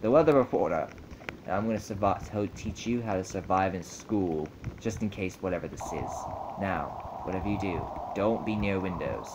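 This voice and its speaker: A man giving rambling, excitable gameplay commentary, swinging from mumbles to sudden yells. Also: low voice, moderate pace, few pauses. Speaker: gamer. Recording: noisy recording.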